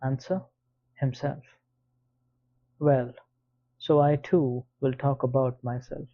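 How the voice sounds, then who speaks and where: A man reading an audiobook in the first person, with a measured, even delivery. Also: medium pitch, creaky. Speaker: audiobook narrator. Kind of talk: scripted audiobook narration. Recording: slightly dull lo-fi recording.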